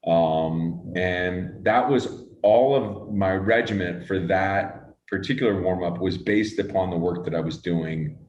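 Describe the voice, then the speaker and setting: A man's voice: deep voice, a little slow, hardly any pauses, darkish tone, echoey room, dull audio. A man being interviewed as a guest, talking thoughtfully with many fillers and restarts and some casual swearing. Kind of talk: relaxed conversational interview.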